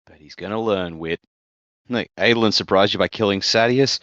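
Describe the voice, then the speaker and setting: A young man co-hosting a podcast, blunt and excitable, swearing freely in casual book talk. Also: on the low side, fairly quick, no room sound. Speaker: podcast co-host. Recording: dry, slightly dull recording.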